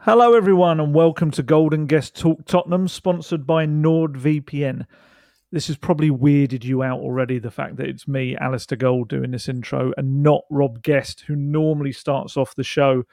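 A southern English man hosts a casual podcast chat with a gravelly, fairly high voice. He is chatty and laughs easily. The sound is dry and close. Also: steady tone, moderate pace, a little mellow, dry recording. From southern England. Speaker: podcast host.

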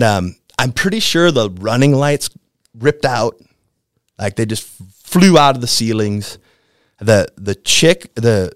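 A man in his fifties from the American Midwest, a podcast guest telling a story in a laid-back, slangy way that gets animated as it builds. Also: mid-range voice, clear, resonant tone, no room sound, clean studio sound. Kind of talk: casual storytelling.

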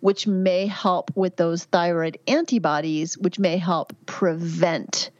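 A candid woman in her fifties speaks in a lowish voice, giving advice in a chatty way full of "um" and "you know". The recording sounds dull and lo-fi, with a dry close sound. She talks like a physician on a podcast. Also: fairly even intonation, slow pace, no echo. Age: 50s. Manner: candid, chatty, warm advice with frequent fillers. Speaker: physician guest. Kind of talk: podcast interview answers.

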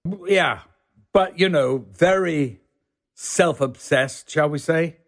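Animated older man telling anecdotes. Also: on the high side, slow. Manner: animated, acts out the people in his stories in shifting voices. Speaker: guest actor telling anecdotes. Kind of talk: casual podcast storytelling.

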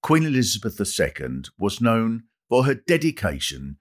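A man's voice: fairly low pitch, very animated, normal speed. A male comedian hosting, delivering a mock-solemn, sarcastic satirical monologue that swells into a pompous rant. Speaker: comedian host.

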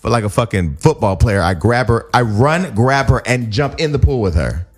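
Guy telling wild party stories, loud and crude, acts out everyone's voices. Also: mid-range voice, moderate pace. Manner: animated, crude, acts out quoted voices with laughs. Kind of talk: casual storytelling.

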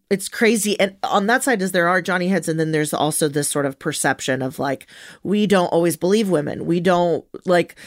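A woman's voice: low voice, no room sound, clean studio sound. A woman talking casually in a group chat, laughing often and filling her talk with "like". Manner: laughs often, says "like" a lot.

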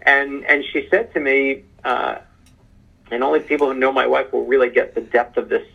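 A man being interviewed as an author, telling an animated story in casual conversation. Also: mid-range voice, moderate pace, gravelly, husky. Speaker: author guest. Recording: muffled phone-line sound.

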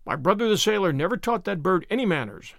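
A man reading aloud and voicing a blunt, hasty old farmer who speaks his mind briskly. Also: high voice, lively intonation, creaky, a bit bright, dry recording, clean studio sound, heavily acted. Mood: brisk, gruff. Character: gruff outspoken older farmer, hasty but kindly.

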